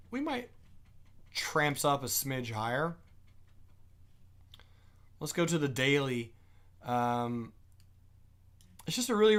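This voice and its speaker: Male host for live market commentary; chatty, wry, voice sits a bit high. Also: a bit bright. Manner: joking asides, thinks aloud. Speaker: stock trading show host.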